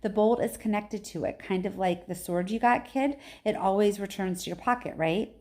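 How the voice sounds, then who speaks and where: A woman's voice: mid-range voice, moderate pace, a little mellow, lightly acted. A woman reading aloud, voicing a swaggering male war god who mocks and taunts a kid. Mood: taunting. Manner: sneering, taunting.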